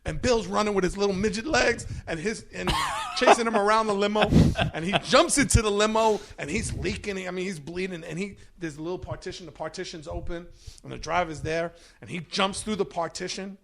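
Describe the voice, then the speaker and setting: A man who is a podcast guest, telling a story in a lively, profane way. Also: high voice, fairly quick, gravelly, a little hiss or hum. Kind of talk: storytelling in casual chat.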